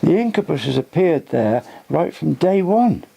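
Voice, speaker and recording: An older inn owner giving a rambling tour, tired and halting, often restarting his sentences. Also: a little high, very animated, creaky, warm tone, husky. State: tired, voice fading. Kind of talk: rambling casual talk. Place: old inn, indoors.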